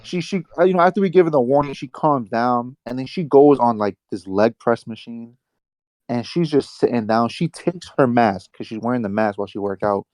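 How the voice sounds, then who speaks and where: A young man with a New York accent telling a rambling, animated work story on a casual podcast, full of slang and swearing. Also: mid-range voice, brisk, no echo. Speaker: podcast co-host.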